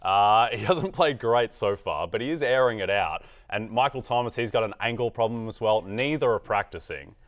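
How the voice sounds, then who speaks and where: Low-voiced Australian man co-hosting. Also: lively intonation, moderate pace, hardly any pauses. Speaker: co-host. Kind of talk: casual podcast chat.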